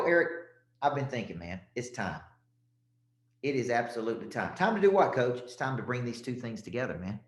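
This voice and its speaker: A man's voice: mid-range voice, echoey room. A man with a Southern accent, a sales coach giving a punchy, repetitive motivational talk and calling out listeners by name.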